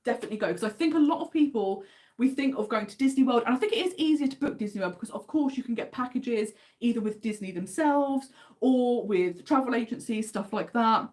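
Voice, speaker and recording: A woman's voice: fairly high pitch, lively intonation, a little fast, a little mellow. An English woman with an English accent, hosting a casual livestream and chatting enthusiastically while answering viewer comments. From England. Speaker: livestream host.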